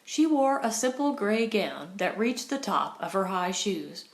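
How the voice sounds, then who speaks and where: An echoey, roomy recording captures a woman at medium pitch narrating an audiobook from a script. She tells the story in a measured, expressive manner.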